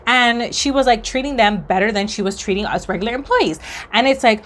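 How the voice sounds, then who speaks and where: A woman's voice: fairly high pitch, expressive, fairly quick, bright, forceful tone. A young woman from Hawaii telling a work story in a blunt, sassy, heated way, with swearing and slang. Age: young adult. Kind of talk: casual storytime monologue.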